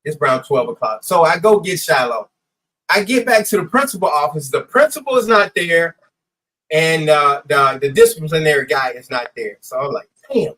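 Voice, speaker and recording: A man, a former high school baseball coach, telling a story in a casual interview, acting out the dialogue and swearing freely. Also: expressive, normal speed, pushed and bright, low-quality recording.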